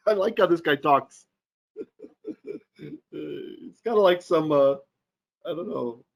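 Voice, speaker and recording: A man teaching a Torah lesson in an animated, jokey way, often checking in with his listeners. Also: on the high side, slow, creaky. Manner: animated, jokey teaching with frequent "right?" asides. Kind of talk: live-streamed Bible lesson. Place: Philippines.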